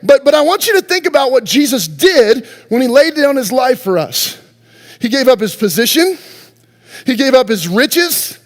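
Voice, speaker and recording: High-voiced male pastor, echoing church. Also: very animated, moderate pace. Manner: conversational, lots of rhetorical questions to the congregation. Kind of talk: sermon. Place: church sanctuary.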